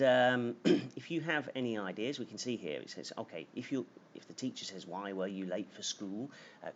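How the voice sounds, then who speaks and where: A man teaching an English lesson on a live stream, telling a short story and reading out viewer comments in a slow, clear teaching voice. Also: medium pitch. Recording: slightly dull lo-fi stream audio.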